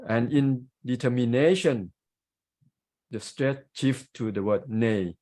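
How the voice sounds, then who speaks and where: A man's voice: medium pitch, takes it slowly, mellow, low-quality recording. A man with a Thai accent giving grammar and pronunciation feedback as a club grammarian on a video call, explaining carefully with examples.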